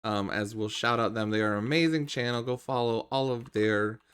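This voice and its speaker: A man's voice: on the low side, steady tone, brisk, a bit bright, smooth. A man hosting a tabletop game stream, chatting casually with many fillers before narrating the scene as game master.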